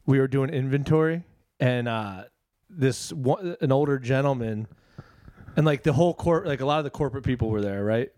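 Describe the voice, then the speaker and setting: A man's voice: medium pitch, moderate pace, darkish tone, no echo. A man, a comedian, telling a rambling story in casual chat and laughing often.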